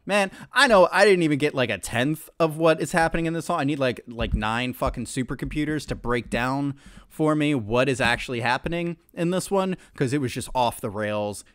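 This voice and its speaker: A man hosting a music reaction video, excitable, swearing freely and breaking into shouts. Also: medium pitch, moderate pace, smooth, no room sound, clean studio sound. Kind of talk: casual reaction commentary.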